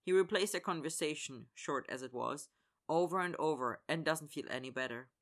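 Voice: medium pitch, normal speed, a bit bright. A narrator reading a story aloud and voicing the characters' dialogue. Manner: acts out characters' lines in dialogue. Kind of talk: fan fiction audiobook reading.

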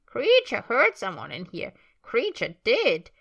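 A woman's voice: fairly high pitch, wildly swooping pitch, slow, creaky, fairly bright tone, lo-fi sound, voice pushed up, heavily acted. A woman voicing a wheezing, muttering old male house elf servant in a storybook reading. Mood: muttering indignant.

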